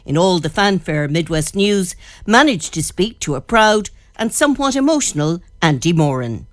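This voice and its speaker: A woman's voice: lowish voice, big pitch swings, normal speed, dry recording, studio quality. A woman, a local news reporter narrating a report and asking admiring interview questions.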